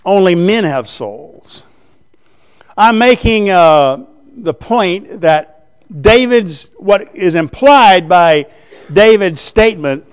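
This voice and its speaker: A man's voice: high-pitched, lively intonation, drawn-out words, pauses often, smooth. A man preaching a Bible teaching sermon in a conversational way, often checking in with the listeners through rhetorical questions. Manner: writes on a board while teaching.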